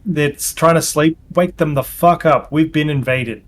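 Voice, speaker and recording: A man voicing a commanding woman who leads a hostile band, barking orders loudly. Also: a little high, unhurried, close to an everyday voice.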